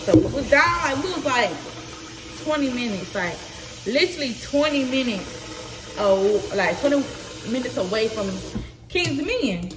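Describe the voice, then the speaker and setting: A young woman tells a personal story to her viewers in a slow, halting way, full of fillers. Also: high voice, big pitch swings, noisy background. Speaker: vlogger. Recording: echoey room from a distance, running water.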